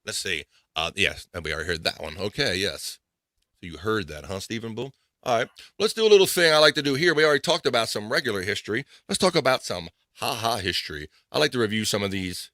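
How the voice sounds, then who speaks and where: A man's voice: fairly low pitch, expressive, quick pace, pushed and bright, dry recording. A man hosting a casual live podcast, rambling, laughing and muttering to himself as he reads chat. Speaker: podcast host.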